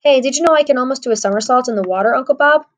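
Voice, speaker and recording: A woman voicing an excitable young female elephant child in an audiobook, chirpy and giggly. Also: high voice, rapid-fire, voice pushed up, close to an everyday voice. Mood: eager. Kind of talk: audiobook character voice.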